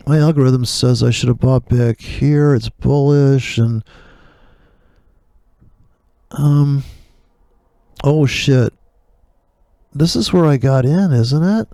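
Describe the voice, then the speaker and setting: A man's voice: mid-range voice, gravelly, a little mellow, dry recording, studio quality. A man giving blunt, profane commentary on his live trades, rambling through asides.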